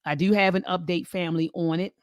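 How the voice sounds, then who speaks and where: A woman, hosting a casual talk show and telling a story, animated whenever she quotes others. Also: on the low side, fast, no room sound, studio quality. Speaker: host.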